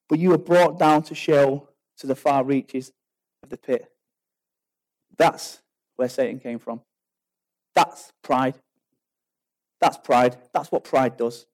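A male pastor preaching a sermon to his congregation, lively and jokey, often laughing and acting out asides. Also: medium pitch, slow pace, long pauses, low-quality recording. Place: church hall with a congregation.

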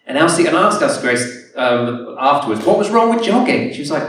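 A man's voice: on the high side, big pitch swings, a little fast, fairly bright tone, slight background noise. A man preaching a sermon, telling a personal story in an earnest way that often circles back and restarts. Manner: earnest, repetitive, many restarts. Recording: echoey hall from far off.

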